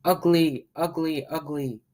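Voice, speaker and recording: A man squeaking as jeering little ducklings. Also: fairly even intonation, slow. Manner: high, yelling taunts. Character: mean little yellow ducklings, taunting and shrill.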